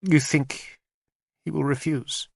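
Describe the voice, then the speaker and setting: A man voicing a proud but broken queen who pleads softly and tearfully. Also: medium pitch, expressive, moderate pace, no room sound, clean studio sound, voice pushed up. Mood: pleading softly. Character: proud, heartbroken queen, a grown woman, fragile and pleading.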